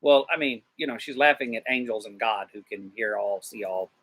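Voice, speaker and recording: A man's voice: on the low side, brisk, fairly bright tone. Rambling man retelling scripture. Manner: rambling, retells scripture in slangy paraphrase with fillers. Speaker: discussion participant. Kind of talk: casual Bible discussion.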